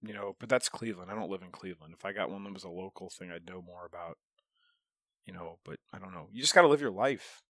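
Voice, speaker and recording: A man's voice: low voice, fast talker, no room sound, studio quality. A man in casual podcast chat, telling stories with lots of swearing and laughter. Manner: animated storyteller, swears a lot, laughs often.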